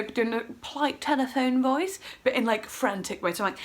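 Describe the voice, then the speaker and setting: Middle-aged woman vlogger, fairly high voice, casual and emotional, retells events by acting out what was said. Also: fast talker, few pauses, a bit bright. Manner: emotional, rambling, acts out her own quotes. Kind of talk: casual storytelling vlog.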